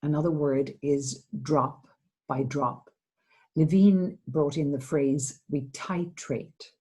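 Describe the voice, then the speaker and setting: A middle-aged woman therapist from Ireland giving a seminar talk, speaking gently and reflectively with hesitant restarts. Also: deep voice, slow pace, husky, rough recording. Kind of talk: seminar talk, answering a question.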